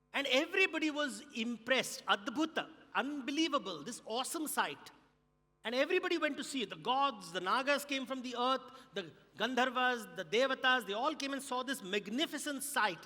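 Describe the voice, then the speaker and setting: A strikingly high, bright male voice with an Indian English accent, spinning a story for a conference crowd. He stretches out key words for emphasis, and his voice rings with the long reverb of a big hall. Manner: animated storyteller with drawn-out emphasis. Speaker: conference speaker. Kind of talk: storytelling keynote.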